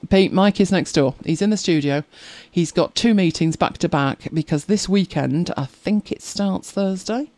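A woman's voice: lowish voice, normal speed, few pauses, a little mellow, no echo. Chatty woman, dry close sound. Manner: chatty, rambling storyteller with frequent laughs. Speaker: livestream host reading viewer comments. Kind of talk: casual live chat.

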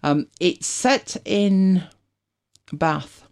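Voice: mid-range voice, extremely slow, creaky, darkish tone, clean tone. A host with a British accent, chatting casually and rambling with many restarts. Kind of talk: casual chat.

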